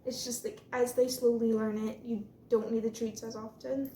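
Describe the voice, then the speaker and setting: A woman's voice: fairly high pitch, level tone, moderate pace. A young woman talks casually through training her service dog at home, reassuring viewers. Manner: chatty and reassuring, with soft praise for the dog. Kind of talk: casual vlog narration. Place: home room with a couch. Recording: echoey room, faint noise.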